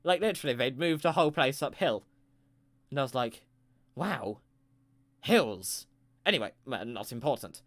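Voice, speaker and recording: A man's voice: medium pitch, expressive, quick pace, a bit bright. A man telling a rambling improvised comic story with playful, self-mocking asides.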